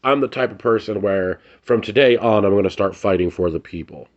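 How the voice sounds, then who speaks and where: A man's voice: lowish voice, fairly quick, a little mellow, highs cut off. A man ranting to camera in a vlog, angry and blunt, swearing and repeating phrases for emphasis. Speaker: vlogger. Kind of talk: heated ranting commentary to camera.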